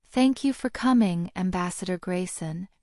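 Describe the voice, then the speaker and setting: A woman voicing a congenial but grave old male headmaster wizard, speaking in a courteous, measured way in an audiobook reading. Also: fairly low pitch, mellow, no room sound, clean studio sound, close to an everyday voice. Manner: courteous, turning cold.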